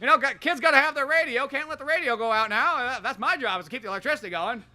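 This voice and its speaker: A man's voice: very high-pitched, quick pace, pushed and bright, pitched above the performer's own voice, full character voice. A man putting on the voice of a folksy old man who keeps the electricity running, drawling and homespun.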